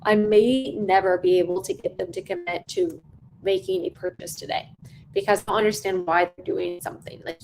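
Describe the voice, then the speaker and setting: Here the sales trainer's medium-pitched voice has a darkish tone, captured in low quality with slight background noise. Coaching on sales-call technique in a conversational way, she hammers points home by repeating them and keeps asking "right?"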